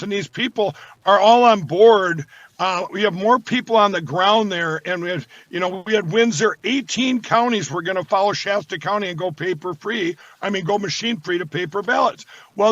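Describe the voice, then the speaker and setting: Man, bright voice, dry sound, rambling, repeats himself, sales pitch. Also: no echo. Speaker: guest, company founder. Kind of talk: casual talk with sales pitch. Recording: dull lo-fi sound.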